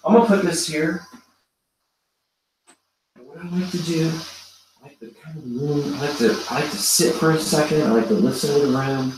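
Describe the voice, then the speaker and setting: A man hosting a live ghost hunt, calling softly and coaxingly to a spirit in a large old hotel room. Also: fairly high pitch, normal speed, pauses often, far from the mic, noisy background. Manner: hushed, coaxing calls to a spirit. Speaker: paranormal event host. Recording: very echoey room, voice from afar.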